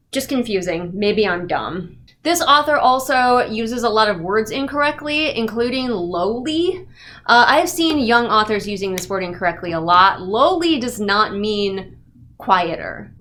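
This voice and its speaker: A woman's voice: a little high, a bit bright. A woman giving a casual, sarcastic and exasperated book review rant.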